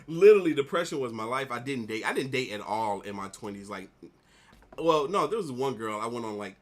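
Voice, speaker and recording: A man in his thirties, an artist vlogger, casually telling a personal story in a rambling, animated way while he works on a drawing. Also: fairly low pitch, normal speed. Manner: rambling, animated retelling with repeated "like".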